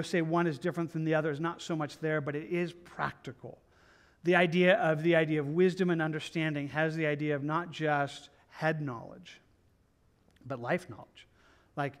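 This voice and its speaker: A man's voice: fairly high pitch, fairly even intonation, normal speed. A man preaching a verse-by-verse Bible study, earnest and conversational, repeating himself often. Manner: earnest, repetitive, conversational with many restarts. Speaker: pastor.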